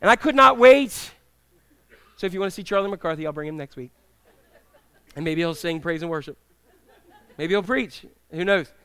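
A middle-aged male pastor preaching a sermon in a church, telling humorous stories with animated, acted-out quotes. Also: sits high, moderate pace, pauses often, smooth. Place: church sanctuary with congregation.

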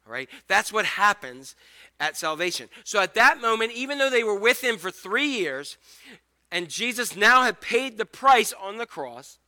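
A male pastor giving a conversational, animated sermon, acting out the scripture scenes as he goes. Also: high-pitched, normal speed.

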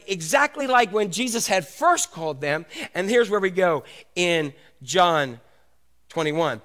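High-voiced animated male preacher. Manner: animated storytelling, acts out the voices, drops soft and low for tender parts. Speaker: pastor. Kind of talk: sermon.

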